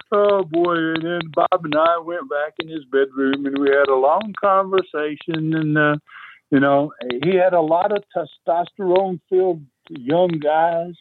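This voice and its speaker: Over a tinny phone connection with a slight hiss or hum, a veteran wrestling promoter rambles through old wrestling tales as an interview guest. He's an older man with a fairly high voice, speaking a little slowly, and he leans on fillers and chuckles throughout.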